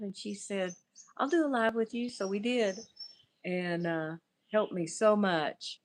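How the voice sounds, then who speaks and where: With medium pitch, lively intonation and a measured pace, a middle-aged woman with a Southern accent chats through a casual outdoor livestream. The host, also a therapist, riffs without a topic and reads viewer comments out loud.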